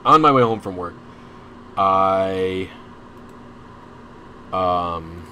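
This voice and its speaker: A young man on a stream tells a long personal story in casual chat, his low voice stretching words out with a pushed, bright edge over a faint hiss or hum. He rambles, restarts often, and wanders into asides, openly anxious and frustrated as he recounts it.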